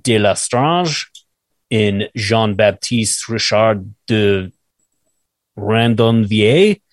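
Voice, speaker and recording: A man's voice: fairly low pitch, very slow, no room sound. Casual man reading notes, dry sound. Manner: reads notes, stumbles over French words, laughs at himself; swears casually. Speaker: podcast co-host reading research. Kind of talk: casual podcast chat.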